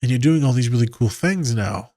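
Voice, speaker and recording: A man's voice: mid-range voice, expressive, a little fast, mellow, no echo, clean studio sound. A man, a therapist hosting a podcast, talking casually, candid and profane with a joking edge.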